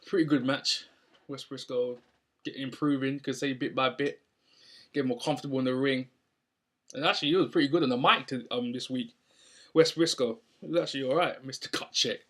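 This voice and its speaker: Young dude rambling through a recap, ums everywhere, mid voice. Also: male voice, medium pitch, steady tone, fairly quick, fairly bright tone. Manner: rambling, many ums and restarts. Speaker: wrestling show reviewer. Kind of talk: casual recap.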